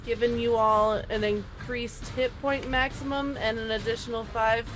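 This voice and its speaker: A woman's voice: on the high side, flat delivery, a bit bright, faint music behind, rough recording. A woman playing a tabletop game, hesitantly describing her character's actions. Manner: slow, hesitant, with small laughs. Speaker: player. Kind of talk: tabletop game play over voice chat.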